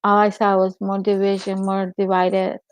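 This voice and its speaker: A woman's voice: medium pitch, completely flat delivery, moderate pace, no echo. A woman hosting a casual livestream chat, rambling and answering viewers' comments by name. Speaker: livestream host. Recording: dull lo-fi stream audio.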